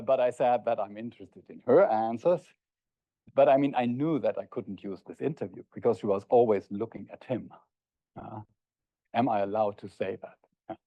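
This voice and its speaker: A middle-aged man lecturing at an academic conference, pausing to hesitate and often checking in with the audience with "yeah?". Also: mid-range voice, dry recording. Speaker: university lecturer. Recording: dull, dry lo-fi recording.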